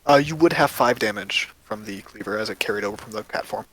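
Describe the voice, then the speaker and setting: A man's voice: on the low side, lively intonation, quick pace, a bit bright, breathy edge, no room sound, low-quality recording. A man narrating as game master of a tabletop game, casual, with many fillers.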